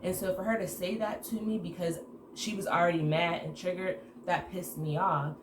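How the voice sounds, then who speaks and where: A woman telling a casual story to her viewers in an animated way, acting out the dialogue. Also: fairly low pitch, normal speed. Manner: animated retelling with acted-out quoted dialogue. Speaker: storytime vlogger. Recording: echoey room with background noise.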